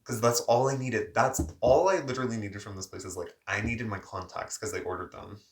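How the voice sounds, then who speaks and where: A young man recounts a story straight to the camera in a loose, rambling vlog manner. His voice sits fairly low for a man. He leans on constant filler words as he talks. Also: a little fast. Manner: chatty, heavy use of filler words. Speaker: vlogger. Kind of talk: casual storytelling.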